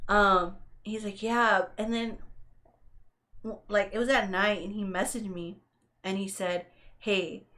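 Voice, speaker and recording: A woman's voice: mid-range voice, a bit bright. A young woman co-hosting a podcast, telling a story in casual chat and acting out the lines she quotes. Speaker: podcast co-host.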